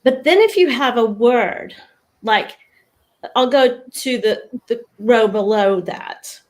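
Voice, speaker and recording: A woman with a fairly high voice talks through diction in an interview. She is patient and instructive, slowing down to sound out sample words. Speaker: lyric diction expert, guest. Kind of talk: explanatory interview talk.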